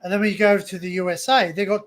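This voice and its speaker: Aussie bloke hosting, high voice, keeps repeating himself, jumps in eager. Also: male voice, steady tone, very fast. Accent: Australian. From Australia. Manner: eager, repeats himself, talks over others. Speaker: host. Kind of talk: casual chat.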